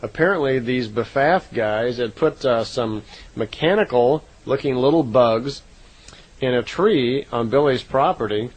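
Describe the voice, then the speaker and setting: A man with a medium-pitched voice retells contact reports casually and without a script, speaking a little slowly. He talks conversationally, full of fillers and self-corrections, on a rough recording.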